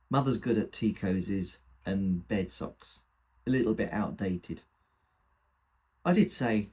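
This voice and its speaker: A man's voice: low-pitched, fairly even intonation, normal speed, darkish tone, slightly rough. A man reading a comic dramatic monologue in the first person, with a wry, gossipy delivery. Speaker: reader.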